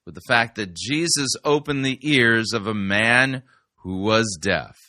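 Brief: skeptical male commentator, crisp bright tone, dead-dry room. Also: lowish voice, unhurried, dry recording. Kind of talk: critical commentary.

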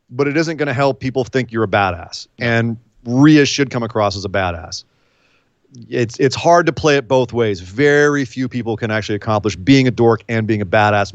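A man co-hosting a podcast in casual chat, animated, with incredulous outbursts and quick asides. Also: mid-range voice, dry recording. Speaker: podcast co-host. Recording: dull, lo-fi dry sound.

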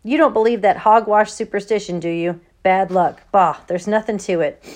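A woman reading the part of a teasing, gruff old grandfather on a hunting trip, in her own voice. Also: mid-range voice, normal speed, natural voice. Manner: gruff, dismissive of superstition.

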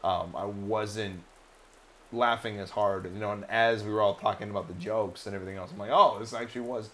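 A man co-hosting a casual podcast, talking in a rambling, halting way with many restarts. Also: lowish voice, steady tone, sharp tone, a little hiss or hum. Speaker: podcast co-host. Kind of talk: casual chat.

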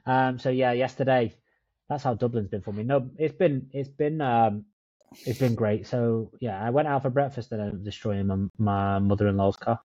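A man's voice: medium pitch, normal speed, dark tone, no room sound. Laid-back man co-hosting a podcast, dull dry sound. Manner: laid-back, swears, says "mate". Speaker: podcast co-host. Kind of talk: casual chat. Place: in Dublin, remote call.

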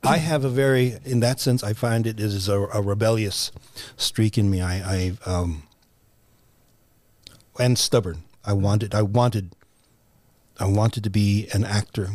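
An older American man recalling his career in a podcast interview, pausing and restarting often. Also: lowish voice, fairly even intonation, darkish tone, no echo. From United States. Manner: halting, many restarts and fillers. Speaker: guest, writer and actor. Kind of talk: reflective interview conversation.

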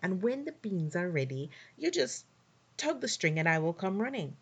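A woman acts out a hungry, excitable trickster spider from a storybook folktale. He is high and bright, swooping up and down with delight. He talks his way out of any chore. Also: breathy edge. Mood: eager. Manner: eager, sniffing, quick to dodge work. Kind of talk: storybook voice acting.

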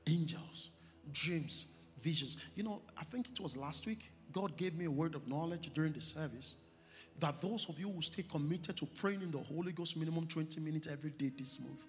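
A middle-aged man, a pastor preaching a sermon in church, stressing phrases slowly and building to emphatic peaks. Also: a little high, a bit bright. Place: church hall. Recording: church hall reverb with music behind.

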